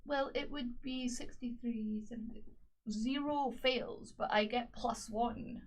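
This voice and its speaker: Gravelly-voiced woman player. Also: a little high, steady tone, takes it slowly, rough recording. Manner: casual, working out dice rolls aloud. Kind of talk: tabletop game play, in and out of character.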